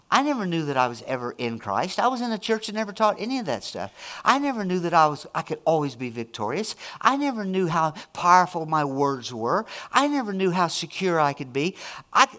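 Middle-aged male pastor, sermon delivery, emphatic with hushed asides; high, bright tone. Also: very animated, brisk. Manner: emphatic preaching, swinging from loud to hushed and intimate.

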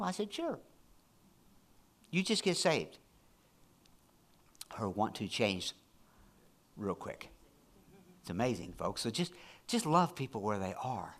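A man preaching a church sermon in an animated, emphatic way, often repeating his phrases for effect. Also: medium pitch, a little slow, pauses often. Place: church service.

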